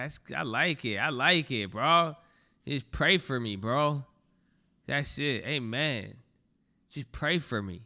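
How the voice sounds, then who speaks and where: Brief: young male livestream trader, gravelly edge, bright tone, blunt and profane, casual talk to viewers at his desk. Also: medium pitch, lively intonation, takes it slowly. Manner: blunt, swears, talks to chat.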